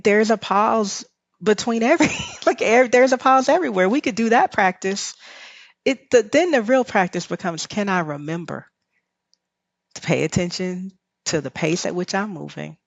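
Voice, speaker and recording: A woman's voice: mid-range voice, dry recording, dull audio. A woman with a Southern US drawl, a rest teacher and podcast guest, talking in a reflective, guiding way and laughing often. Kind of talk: podcast conversation.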